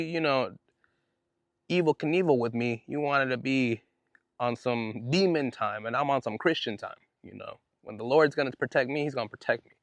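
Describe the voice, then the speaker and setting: A man with a medium-pitched voice hosts his own podcast, delivering a solo monologue. He tells a story in an indignant, fired-up way, peppered with casual slang, and the recording has no echo.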